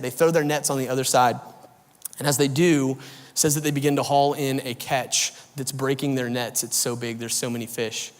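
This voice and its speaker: A man's voice: on the high side, fairly quick, clean tone. Male pastor preaching in a reverberant hall. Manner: animated storytelling, voices swing loud and soft. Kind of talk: sermon. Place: large church auditorium.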